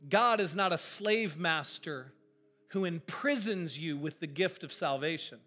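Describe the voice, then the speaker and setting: A male pastor preaching a sermon in an animated, emphatic, conversational way. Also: a little high, a little slow, faint music behind.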